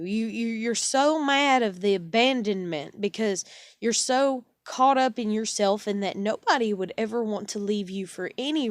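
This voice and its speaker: A woman in her thirties with a fairly high voice, recorded dry and at studio quality. She's a stressed, exhausted single parent at home, venting in a casual, profane monologue full of heavy sighs.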